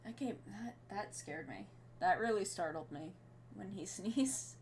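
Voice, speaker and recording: A woman's voice: medium pitch, expressive, unhurried, a little mellow, a little hiss or hum. A sleepy woman streaming and chatting casually, rambling with many fillers. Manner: baby talk to her cat. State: sleepy, yawning.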